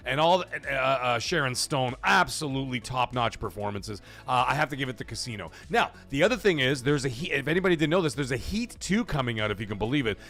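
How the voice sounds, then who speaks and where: A man's voice: medium pitch, expressive, quick pace, few pauses, a bit bright, soft background music. A man hosting a livestream in casual chat, swearing freely and laughing as he reads chat messages aloud. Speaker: livestream host.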